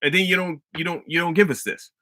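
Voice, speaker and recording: A young man hosting a casual solo podcast, ranting about a TV finale in a profane, excitable, rambling way full of restarts. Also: fairly high pitch, fast talker, dry recording. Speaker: podcast host.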